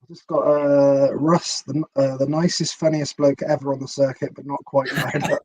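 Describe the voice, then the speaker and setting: A man's voice: mid-range voice, little pitch movement, normal speed, darkish tone, poor audio. A man hosting a live interview, who reads out viewer comments and asks questions. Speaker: host.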